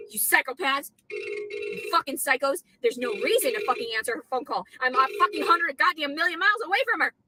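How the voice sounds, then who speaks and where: A woman's voice: high-pitched, bright, forceful tone, dry recording, rough recording. A woman ranting furiously and swearing, recorded outdoors in a clip. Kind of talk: angry ranting video clip. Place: outdoors outside a store.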